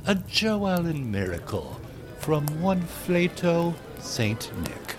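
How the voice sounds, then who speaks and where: A man's voice: fairly high pitch, very animated, slow, over music. A man narrating rhymed holiday verse in a sing-song storytelling manner.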